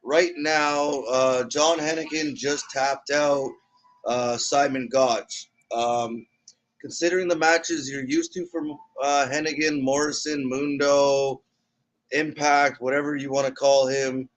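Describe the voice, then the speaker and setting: A man co-hosting a live wrestling watch party, talking in a relaxed, hesitant way with many ums while recapping matches. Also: medium pitch, slow, poor audio. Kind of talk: casual live-stream commentary.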